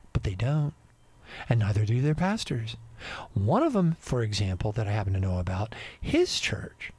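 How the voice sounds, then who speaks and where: Animated, indignant male radio host. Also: medium pitch, breathy edge, no echo. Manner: animated, indignant, swings between loud and quiet. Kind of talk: ranting monologue.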